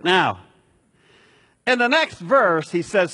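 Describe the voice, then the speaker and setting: A man delivering a conversational sermon as a pastor, relaxed and chatty with asides to the congregation. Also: a little high, measured pace, breathy edge.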